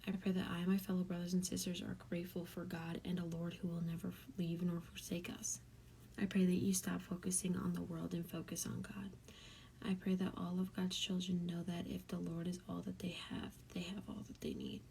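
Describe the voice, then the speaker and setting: A young woman giving an earnest, heartfelt Bible study talk, often speaking softly. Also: lowish voice, monotone, fairly quick, slight background noise. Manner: earnest, emotional, often soft and breathy. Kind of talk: casual devotional talk. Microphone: tablet mic.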